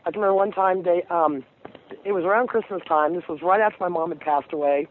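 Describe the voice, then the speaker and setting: Earnest woman caller over a phone line. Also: on the low side. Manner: earnest, halting with fillers. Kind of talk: call-in storytelling. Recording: phone line with faint hiss.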